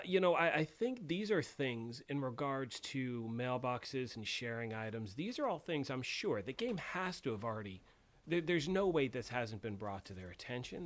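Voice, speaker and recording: Guy rambling on his livestream, lots of "you know", mid voice, clearing his throat now and then. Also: mid-range voice. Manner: rambling, conversational, many fillers; reads and answers chat. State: throat clearing after choking on tea. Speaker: livestream host. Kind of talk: casual live stream chat.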